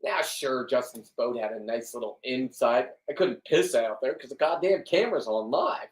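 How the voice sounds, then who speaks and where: A man in his fifties, a fishing and diving vlogger, rambling in a crude, loud, joking monologue. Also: mid-range voice, normal speed, few pauses. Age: 50s. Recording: roomy, from a distance.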